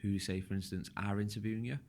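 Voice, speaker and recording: Hosting a laid-back podcast interview, this man speaks at a quick pace in a slightly low voice. His questions wander and get restarted frequently as he thinks them through, and he talks at length in a relaxed, rambling way.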